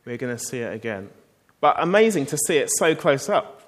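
A man's voice: medium pitch, sing-song, brisk. A man preaching a sermon, telling the story in a conversational way and asking the listeners rhetorical questions.

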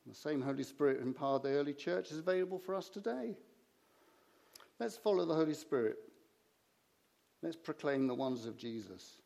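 A man's voice: fairly high pitch, expressive, fairly quick, gravelly, long pauses, mellow. A man preaching a sermon, telling stories and acting out the conversations in them. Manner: anecdotal, acts out conversations in his stories.

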